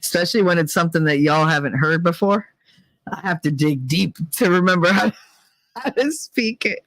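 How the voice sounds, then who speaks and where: Woman, New Jersey accent, casual chat, animated, laughs a lot, dry close sound. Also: moderate pace, dry recording. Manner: animated, laughs often, mimics relatives in high voices. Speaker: streamer reading chat.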